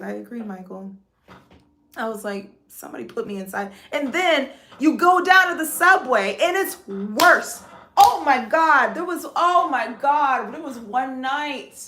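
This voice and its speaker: Southern woman hosting a livestream, high and bright, animated storyteller with big exclamations. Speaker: livestream host. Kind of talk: casual chat, reading viewer comments.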